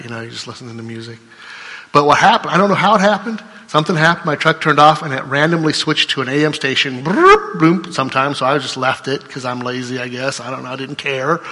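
A middle-aged male pastor preaches in a chatty, down-to-earth way, firing off rhetorical questions and checking in with "right?". His tone is bright and forceful, and he sometimes breaks into lively storytelling. His voice rings out with a long reverb, as in a large church hall. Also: mid-range voice. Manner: bursts into excited storytelling. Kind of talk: conversational sermon.

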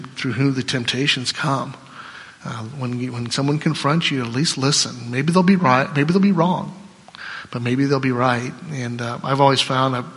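A man's voice: medium pitch, a bit bright. A man preaching a sermon to his church in a conversational way. He often checks in with the congregation and laughs between points. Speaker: pastor. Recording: long reverb of a church hall.

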